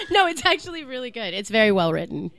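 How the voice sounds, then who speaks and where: A woman's voice: fairly high pitch, big pitch swings, moderate pace, fairly bright tone, no echo. A woman comic appearing as a guest on a live comedy podcast in a small venue, talking in a sassy, teasing way.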